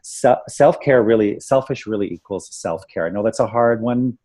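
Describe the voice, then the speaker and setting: A man from Canada with a fairly low voice, co-hosting a casual webinar about personal growth. He talks earnestly and enthusiastically, often stopping to share favorite quotes. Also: moderate pace, dark tone. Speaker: webinar co-host. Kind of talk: casual spiritual discussion.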